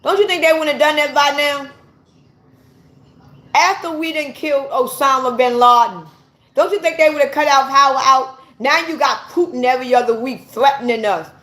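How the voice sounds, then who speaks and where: A woman from the United States with a high-pitched voice delivers a fiery, profanity-laced rant, lecturing her viewers like a street preacher. The recording sounds roomy, with noticeable echo off the walls. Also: normal speed, fairly bright tone. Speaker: vlogger. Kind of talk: impassioned monologue to viewers. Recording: echoey room.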